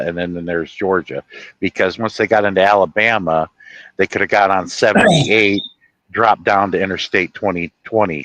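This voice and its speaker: A man's voice: sits low, fairly bright tone, dry recording, low-quality recording. A man from Ohio chatting casually on a livestream, rambling and correcting himself as he goes. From Ohio, USA. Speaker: livestream host.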